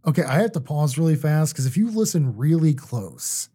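A man hosting a podcast drops in with a chatty, amused aside. His voice sits a little high for a man yet sounds mellow, with a husky edge. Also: sing-song, normal speed. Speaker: podcast host. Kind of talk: casual podcast chat.

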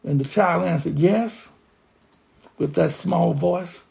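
A pastor preaching a sermon with impassioned, drawn-out emphasis. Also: mid-range voice, steady tone, vocal fry, a little mellow.

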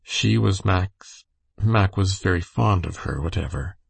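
A man's voice: low-pitched, measured pace, vocal fry, breathy edge, dry recording, exaggerated voice. A man voicing an earnest, grieving young backwoods lad with a plain, simple rural turn of phrase.

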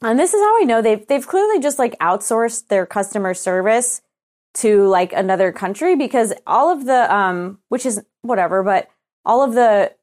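A woman's voice: fairly high pitch, animated, normal speed, darkish tone. Exasperated young woman telling a rant. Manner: exasperated, profane, acts out both sides of her email exchanges. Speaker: podcast co-host. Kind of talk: casual chat storytelling.

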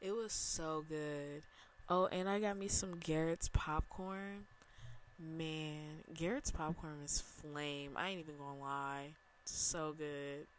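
A young woman from Chicago hosts a solo podcast from her bedroom. She talks at an unhurried, drawn-out pace, rambling from one thought to the next. Her chat is casual and slangy, and she laughs easily. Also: low voice, steady tone. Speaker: podcast host.

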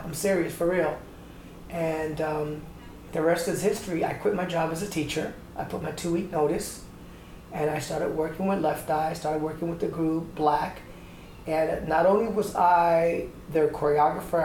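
A middle-aged man from Atlanta, Georgia, a choreographer and dancer telling his story in an interview, animated, acting out the voices he quotes. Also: a little high, moderate pace. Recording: echoey room with faint background noise.

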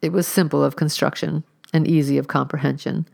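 Woman narrator, low gravelly voice, measured wry read. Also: steady tone, darkish tone. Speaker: audiobook narrator. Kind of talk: scripted narration.

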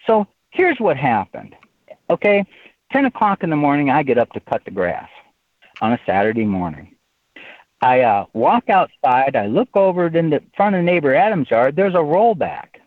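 Lively rambling male storyteller on a phone line. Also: on the high side, moderate pace, dry recording. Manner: rambling anecdotal storyteller, many "you know"s. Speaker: author. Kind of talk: storytelling in an interview.

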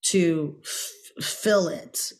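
A middle-aged woman, a guest actress in a podcast interview, telling a story in a lively way and bursting into loud acted-out quotes. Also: on the low side, extremely slow.

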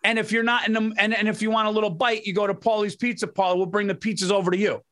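A man with a notably high speaking voice co-hosting a podcast. He talks in an excitable, rambling way, piling up plans and swearing freely in casual chat. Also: racing. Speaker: podcast co-host.

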